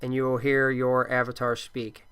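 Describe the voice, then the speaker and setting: A man speaking into a computer microphone as he steps through a software tutorial. His voice is smooth and clear, and it stays level with little rise and fall. He sounds like a teacher giving plain, steady instructions. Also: medium pitch, normal speed. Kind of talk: screen-recorded software tutorial.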